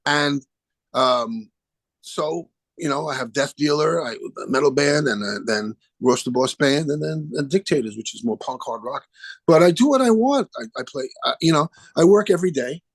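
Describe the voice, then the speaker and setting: An older man, a guest musician chatting in an interview, animated and acting out the people he quotes. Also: a little high, normal speed, no room sound. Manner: animated storyteller, acts out phone calls in quoted voices. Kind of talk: casual interview chat.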